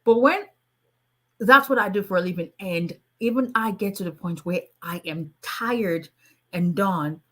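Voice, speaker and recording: A middle-aged woman from Nigeria, an immigration lawyer chatting casually on a live stream, fast-talking and animated and laughing often. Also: medium pitch.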